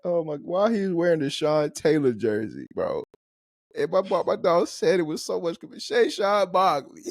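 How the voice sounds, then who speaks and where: A man co-hosting a podcast, telling stories in animated, slangy casual chat and laughing often. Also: on the high side, normal speed, vocal fry, no echo, studio quality. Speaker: podcast co-host.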